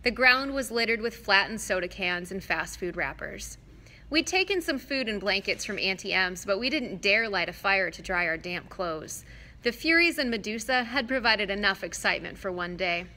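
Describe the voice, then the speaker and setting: Woman reader, bright and crisp, expressive storybook narration. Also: medium pitch, moderate pace. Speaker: audiobook reader. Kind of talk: reading a novel aloud.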